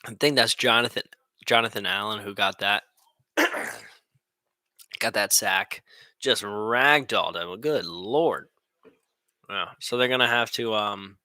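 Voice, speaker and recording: Young guy rambling thru a football stream, jokey, bright voice, dry close sound. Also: fairly low pitch, no room sound. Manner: rambling, joking, laughs often. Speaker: streamer commenting on a football game. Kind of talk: casual live-stream commentary.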